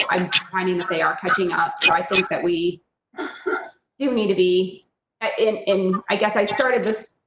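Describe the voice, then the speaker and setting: A woman teacher speaking on a video call in a quick, earnest way, full of asides. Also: mid-range voice. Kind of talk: casual meeting talk. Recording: echoey room with background noise.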